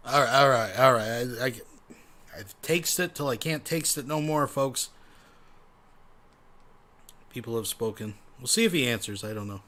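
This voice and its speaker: A man's voice: mid-range voice, normal speed, pauses often, pushed and bright. A man hosting a livestream, speaking in a mock-serious, chatty way to his viewers. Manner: mock-serious, repeats "folks". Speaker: livestream host. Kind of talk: casual commentary.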